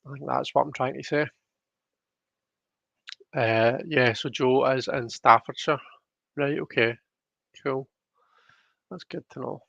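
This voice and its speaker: A man's voice: mid-range voice, fairly even intonation, slow pace, creaky, pauses often, a bit bright, no room sound, dull audio. Chatty Scottish man on a livestream. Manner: rambling, chatty, frequent fillers. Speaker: live stream host. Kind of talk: casual live chat reading comments.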